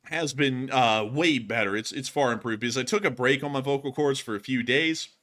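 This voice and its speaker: A male live-stream host speaks in a bright, forceful voice that he deliberately pushes up for excitement. His phrasing is emphatic and packed with repeated thank-yous to viewers. The voice is still recovering from recent vocal cord strain. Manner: raised on-air voice pushed higher for excitement. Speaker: livestream war news host. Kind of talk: live-stream chat answering viewer questions.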